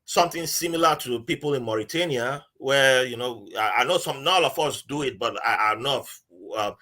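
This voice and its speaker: Speaking a little quickly at medium pitch, this man has a Nigerian accent and is a guest on a podcast. He chats casually while recounting a story, lively throughout, and he acts out each voice he quotes.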